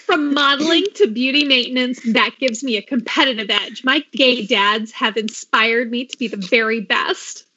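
A woman's voice: on the high side, moderate pace, few pauses, bright, forceful tone, dull audio, slight background noise. A woman reading the lines of an ambitious, fame-hungry teenage girl from a script, in an earnest, self-assured way.

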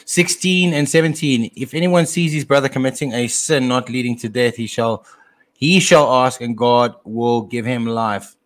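A man co-hosting a casual talk show and teaching from scripture, often pausing and repeating words as he thinks aloud. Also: mid-range voice. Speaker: podcast co-host and Bible teacher; father.

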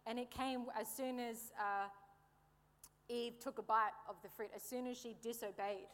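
Woman, sermon, playful, chatty, slightly high voice, hall reverb. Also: fairly even intonation, normal speed, a bit bright. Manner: playful, conversational, jokes with the congregation. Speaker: preacher.

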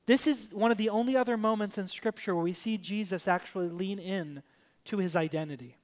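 A man preaching a sermon, animated, acting out quoted voices and swinging from soft to loud. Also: high voice, a little fast. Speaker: pastor.

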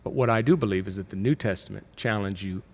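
A middle-aged pastor with a lowish, slightly breathy voice preaches a sermon in a conversational style. His delivery features emphatic rises and quick self-corrections.

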